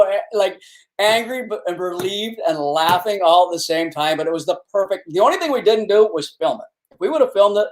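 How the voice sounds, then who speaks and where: A middle-aged man with a Canadian accent spins a long, rambling anecdote in easygoing conversation. His voice sits a little higher than most men's, and he restarts and circles back as he goes. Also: brisk, a little hiss or hum. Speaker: guest, fishing show host. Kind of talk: casual storytelling.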